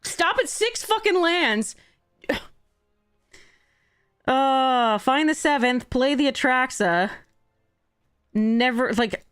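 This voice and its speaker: A woman's voice: lively intonation, takes it slowly, soft background music. Frustrated woman streamer swearing and ranting. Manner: shouting in high-pitched bursts. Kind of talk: livestream gameplay commentary.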